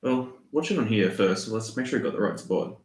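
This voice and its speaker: An Australian man explaining video clips in an easygoing, halting way during a casual home livestream. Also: on the low side, expressive, a little mellow, reverberant, slight background noise, low-quality recording. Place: room at home with dogs.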